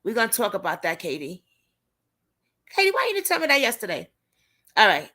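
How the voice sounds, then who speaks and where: Her voice a little high and fairly quick, a woman hosts a casual livestream as host and advocate, talking directly to viewers and reacting to what she reads in an animated, chatty way.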